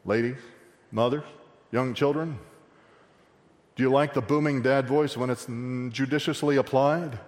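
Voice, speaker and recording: A man preaching an expository sermon in a conversational way, joking with the congregation and swinging between loud emphasis and quiet asides. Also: medium pitch, fairly even intonation, measured pace, pauses often, long reverb tail. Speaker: pastor.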